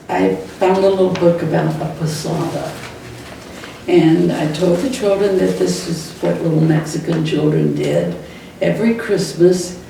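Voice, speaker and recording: Her voice is on the low side, creaky and mellow, as she fondly recalls stories from her days teaching school. She's an older woman, retired, chuckling often during this personal reminiscence. An echoey room, distant mic and faint noise color the sound.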